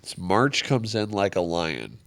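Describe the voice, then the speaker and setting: Male podcast co-host, very deep and smooth, easygoing casual chatter. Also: sing-song, a little slow. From Kansas. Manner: easygoing, rambling, laughs often. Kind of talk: casual chat.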